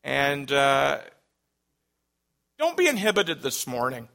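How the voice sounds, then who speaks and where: Male pastor, slow deliberate delivery, earnest Easter sermon. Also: on the high side, vocal fry. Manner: earnest, builds to loud calls.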